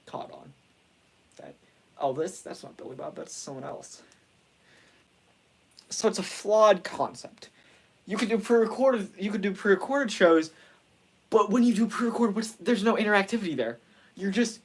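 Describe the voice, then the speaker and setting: A man in a casual chat who rambles through his points. He often breaks off and restarts mid-sentence as he works out what he means. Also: high-pitched.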